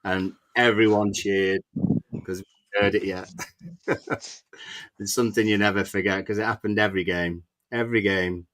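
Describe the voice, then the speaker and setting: A man's voice: on the low side, fairly even intonation, moderate pace, long pauses, fairly bright tone. A man hosting a casual fan podcast, chatting and rambling with plenty of fillers. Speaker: podcast host. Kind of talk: casual chat. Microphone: clip-on microphone.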